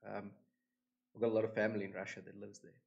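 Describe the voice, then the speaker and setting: Man, fairly low voice, emotional, earnest, pausing a lot, reaction host. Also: little pitch movement, gravelly, muffled recording. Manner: emotional, earnest and devout, with many "um" pauses. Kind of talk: casual reaction commentary. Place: new home studio.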